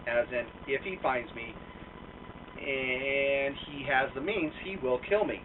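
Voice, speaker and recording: A man's voice: mid-range voice, takes it slowly, distant mic, background noise. A young American man telling a rambling, profane story in a casual, self-mocking way, with lots of fillers. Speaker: vlogger. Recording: tinny lo-fi sound from off mic.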